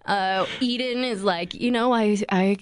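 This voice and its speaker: A woman's voice: mid-range voice, unhurried, clean tone. A woman co-hosting a podcast, retelling a film's plot in casual chat with wry jokes. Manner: wry, joking asides. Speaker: podcast co-host. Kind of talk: casual chat recapping a film.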